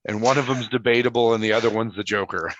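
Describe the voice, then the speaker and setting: A man's voice: on the low side, fast talker, a bit bright, no room sound. A man in a casual podcast film review who keeps acting out his own thoughts as quotes. His recording is dry and somewhat muffled, as if on a modest mic. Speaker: podcast co-host. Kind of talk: casual movie review chat.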